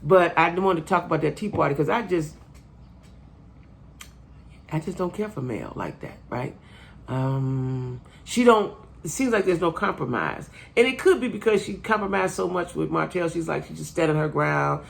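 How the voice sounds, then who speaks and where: A woman's voice: low-pitched, expressive, moderate pace, vocal fry. A middle-aged woman hosting her own channel, chatting in a rambling way straight to her viewers about reality TV. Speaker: channel host. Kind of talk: casual reality TV commentary. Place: staying at her son's home.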